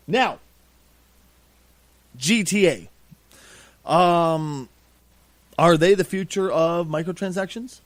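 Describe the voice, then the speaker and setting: A man's voice: a little high, slow pace, pauses often, dry recording. A man co-hosting a casual podcast, ranting sarcastically and swearing freely. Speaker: podcast co-host.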